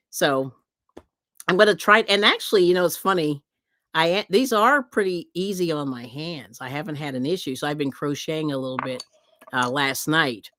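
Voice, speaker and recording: A woman's voice: lowish voice, a bit bright, no room sound, clean studio sound. A woman hosting a livestream, chatting casually with viewers, rambling with many fillers and frequent laughs. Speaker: livestream host.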